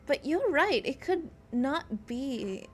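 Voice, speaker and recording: A woman's voice: sits high, sing-song, slow pace, faint music behind. A woman player chatting and eagerly explaining game terms. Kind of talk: casual chat among tabletop players.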